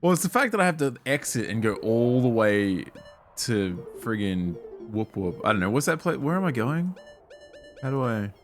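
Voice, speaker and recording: A young man grumbling his way through live gameplay commentary, breaking into sudden high-pitched outbursts of frustration. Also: big pitch swings, moderate pace. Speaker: game streamer. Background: faint game music.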